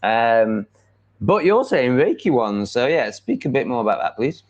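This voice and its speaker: An English man hosts a casual livestream chat, talking in a loose, rambling way that is blunt and sure of himself. His voice sits at a middling pitch. The stream audio sounds a bit dull and lo-fi. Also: very animated, measured pace. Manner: rambling, blunt and self-assured, with many fillers. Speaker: livestream host.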